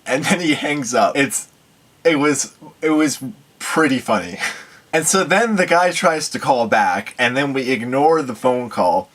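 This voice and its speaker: A man's voice: medium pitch, animated, a little slow, fairly bright tone. A young man casually telling a story to camera at home, rambling with many fillers and amused asides. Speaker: vlogger.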